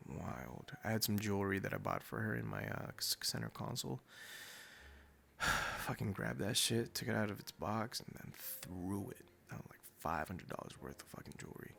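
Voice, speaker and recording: A man's voice: fairly low pitch, very animated, normal speed, bright, forceful tone, slight background noise. A man in his twenties hosting a podcast, telling a story in blunt, casual talk full of swearing and "dude.". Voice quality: gravelly. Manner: blunt, heavy swearing, says "dude" often. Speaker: podcast host.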